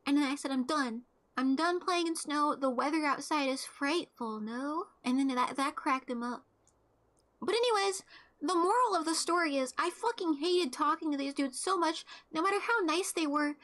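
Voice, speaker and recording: A woman's voice: high voice, fairly bright tone. A young woman streamer telling a story in a casual, blunt, joking way with frequent restarts and swearing. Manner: halting restarts, laid-back.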